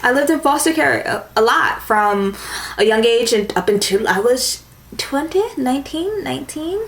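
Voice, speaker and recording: A woman's voice: on the high side, moderate pace, fairly bright tone. A young woman chatting casually to camera as a beauty vlogger, with a valley-girl lilt and lots of "like". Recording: echoey room with faint ambience.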